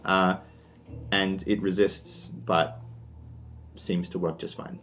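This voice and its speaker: A man's voice: low-pitched, little pitch movement, takes it slowly, a bit bright, soft background music. A man with an Australian accent narrating a tabletop game as game master, laid-back and full of fillers.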